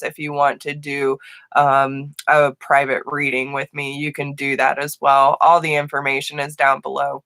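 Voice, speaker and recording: A woman's voice: low voice, fairly bright tone, no echo. A woman giving live tarot readings, affectionate and emotional, laughing often. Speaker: tarot reader.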